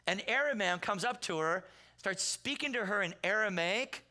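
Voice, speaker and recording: A man preaching a sermon in a Southern California accent. He tells stories in a loose, conversational way and acts out the quotes in loud bursts. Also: high-pitched, expressive, measured pace. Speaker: pastor. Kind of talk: sermon with storytelling. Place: church sanctuary.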